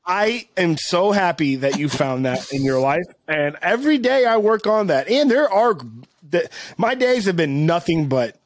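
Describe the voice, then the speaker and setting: A man with a high voice rambles through casual podcast chat, dropping "like" every few words and swearing freely. He's sarcastic and hard on himself. The sound is dry and close, with no room around it. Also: animated, measured pace, no echo. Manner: rambling, swears often, heavy "like" fillers; self-deprecating, sarcastic. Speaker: podcast co-host.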